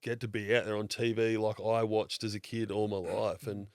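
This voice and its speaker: A man's voice: lowish voice, little pitch movement, normal speed, darkish tone, dry recording, clean studio sound. An Australian man in his thirties, telling stories in a blokey, casual way, swearing freely and acting out what others said. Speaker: podcast guest. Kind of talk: casual storytelling chat.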